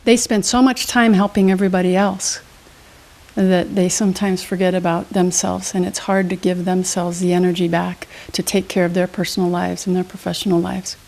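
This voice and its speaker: A woman's voice: on the low side, normal speed, gravelly. A middle-aged woman, a motivational speaker and trainer, explaining her methods as an interview guest with lots of examples and questions. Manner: energetic, teaching with examples and questions.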